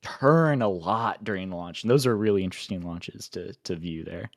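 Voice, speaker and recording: A man co-commentating a live launch stream, relaxed and agreeable. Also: low-pitched, moderate pace, no room sound, studio quality. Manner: relaxed, agreeable, laughs along.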